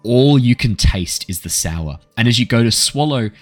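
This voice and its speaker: A man's voice: mid-range voice, lively intonation, moderate pace, soft background music. A man, the dungeon master of a tabletop game, narrating vividly and laughing often.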